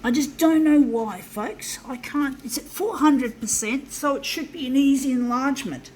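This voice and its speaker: While working on a craft demo, a hot, sweaty, shaking woman rants casually at viewers, swearing plenty and calling them folks. She has a high, darkish voice at a moderate pace, recorded in low quality with slight background noise.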